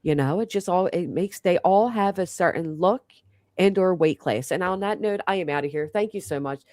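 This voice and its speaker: A chatty woman with a low voice, talking in a rambling, heartfelt way on a casual livestream. Her voice sounds dry and close, with no room around it. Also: normal speed, a little mellow, no echo. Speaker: livestream guest.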